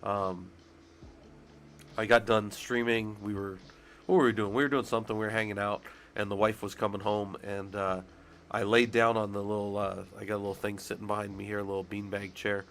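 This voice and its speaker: A man chats on a live stream in a low, gravelly voice, stuffed up with a cold. He rambles and curses freely while answering his chat. A faint hiss sits under the recording. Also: flat delivery, brisk, fairly bright tone. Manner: profane, rambling, talks to chat. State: congested and sick. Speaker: streamer talking through job requirements.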